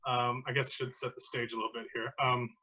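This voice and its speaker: A man's voice: medium pitch, little pitch movement, quick pace, sharp tone. A man hosting a podcast in casual chat, joking and self-deprecating, with many ums. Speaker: podcast host. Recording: dull lo-fi sound.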